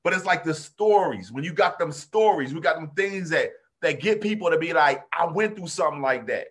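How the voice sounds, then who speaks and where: A man's voice: fairly high pitch, fairly quick. A man in casual conversation as a comedian, telling stories animatedly and acting out crowd reactions. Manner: animated storyteller, acts out crowd voices. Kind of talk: casual chat.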